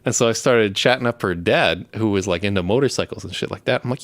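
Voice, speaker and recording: A man's voice: fairly low pitch, fast talker, no room sound. A young man in casual, profane chat, rambling through stories and laughing as he talks. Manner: rambling, swears constantly, laughs while telling stories. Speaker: show host.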